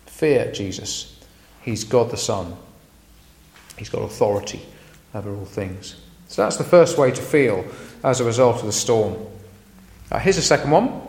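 A man preaching a sermon in a lively, emphatic way, with frequent ums. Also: medium pitch, normal speed. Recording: echoey room.

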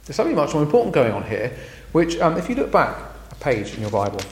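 A man preaching a sermon in a lively, emphatic way, with frequent ums. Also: fairly high pitch, fast, background noise. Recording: echoey room.

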